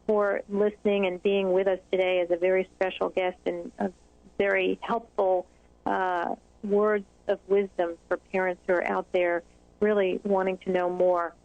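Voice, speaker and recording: A woman's voice: mid-range voice, little pitch movement, normal speed, no room sound. Woman interview host, encouraging and chatty, heard on a dull lo-fi line. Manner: encouraging, many fillers. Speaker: interview host, child anxiety specialist. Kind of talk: conversational interview. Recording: dull, dry lo-fi audio.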